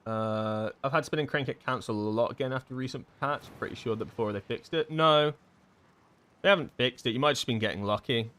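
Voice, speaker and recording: A man talking through his game on a live stream in a loose, offhand way, pausing, restarting and tossing in "like" as he works things out. His voice sits at an ordinary middle pitch for a man, and he answers viewers' questions in a relaxed, unhurried tone. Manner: casual, thinking aloud with many fillers and restarts. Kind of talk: live-streamed gameplay chat.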